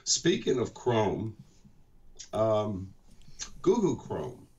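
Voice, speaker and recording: A man from Louisiana with a Cajun accent, chatting loudly and jokingly over an internet call on a radio show. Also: on the low side, huge pitch swings, extremely slow, recorded from a distance, lo-fi sound, slight background noise. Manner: loud, joking, rambling storyteller. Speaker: guest co-host on a call. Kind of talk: casual radio chat.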